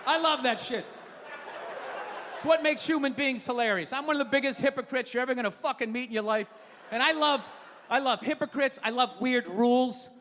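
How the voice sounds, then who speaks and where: A man does stand-up, ranting and swearing, dropping to muttered asides then shouting. His voice sits high and rings through a large hall with a long tail. A noisy crowd laughs and claps behind him. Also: a little fast. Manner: ranting, profane, swings from mumbled asides to shouting. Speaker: stand-up comedian. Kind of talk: stand-up comedy set. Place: theater stage before a live audience. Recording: live hall with crowd noise. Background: crowd laughing and applauding.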